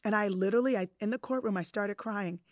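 A middle-aged woman telling a personal story in casual conversation, animated and acting out the voices of others. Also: medium pitch, fast talker, no room sound, clean studio sound.

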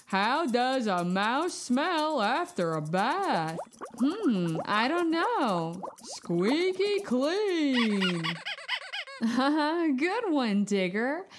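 A woman hosting a children's podcast, telling stories and jokes in a playful, expressive way. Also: a little high.

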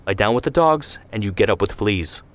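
A man's voice: on the low side, animated, brisk, lightly acted. A man reading the lines of a stern family father who speaks with weary authority and quotes proverbs in an audio story.

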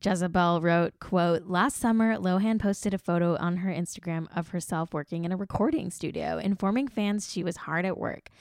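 A woman's voice: lowish voice, darkish tone, no echo, clean studio sound. A woman hosting a casual pop-culture podcast, chatty and gushing, laughing often between remarks. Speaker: podcast host.

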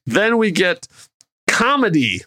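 A man's voice: high voice, big pitch swings, slow pace, bright, forceful tone, a little hiss or hum. A man hosting a podcast, recapping a film in a rambling, casual way full of fillers. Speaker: podcast host.

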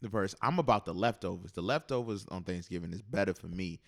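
A man's voice: low voice, fast talker, gravelly. A young man hosting a casual podcast, talking in a loose, slangy, profane way. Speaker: podcast host.

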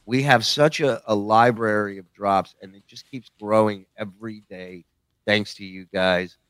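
A man's voice: fairly low pitch, steady tone, moderate pace, a bit bright, clear, resonant tone, no echo. A man hosting a podcast, joking crudely and laughing often with his co-hosts. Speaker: podcast host. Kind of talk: casual crude banter.

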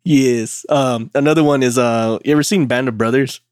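A man's voice: mid-range voice, steady tone, fairly quick, no room sound, clean studio sound. A man chatting casually on a podcast, laid-back and profane, laughing often at his own stories. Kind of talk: casual chat.

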